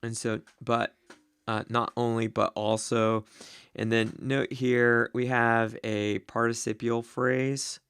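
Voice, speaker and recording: A man teaching the Greek grammar of a Bible passage, slow and deliberate, with many ums and uhs. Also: mid-range voice, flat delivery, a bit bright, clear, resonant tone, no echo, clean studio sound.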